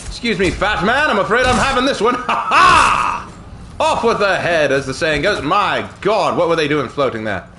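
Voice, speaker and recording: A man's voice: high-pitched, lively intonation, normal speed, sharp tone, a little hiss or hum. A male gaming streamer commentating his gameplay live in an exaggerated, put-on British accent, jokey and theatrical, peppering his talk with stock posh phrases.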